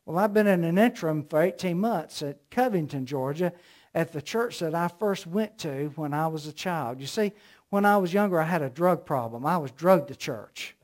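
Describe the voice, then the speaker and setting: A man's voice: on the high side, expressive, moderate pace. A middle-aged man from the American South with a Southern accent, preaching a sermon with emphatic, storytelling delivery.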